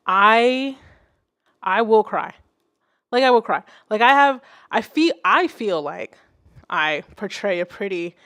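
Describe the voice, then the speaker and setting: A young adult woman, a music producer, hosting a casual livestream and chatting with viewers, swearing freely and swinging between loud outbursts and soft asides. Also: medium pitch, no echo, studio quality. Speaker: music producer and stream host.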